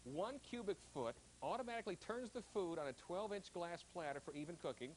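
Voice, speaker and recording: A man's voice: high voice, animated, a little fast, a little mellow, a little hiss or hum, low-quality recording. A man hosting a shopping channel, folksy and salesy, bantering with callers and his co-host.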